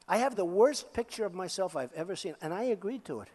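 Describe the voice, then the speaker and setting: A man's voice: high voice, lively intonation, quick pace, darkish tone. An older man giving a rally speech as a political candidate, boastful and repetitive, talking off the cuff from a podium microphone in a large hall. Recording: echoey rally hall reverb.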